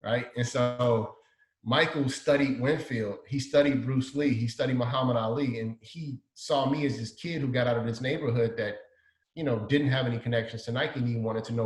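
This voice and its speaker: A man from Chicago's South Side, a designer telling a story in an interview, animatedly acting out the dialogue he quotes. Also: medium pitch. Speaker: guest, designer. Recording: echoey room.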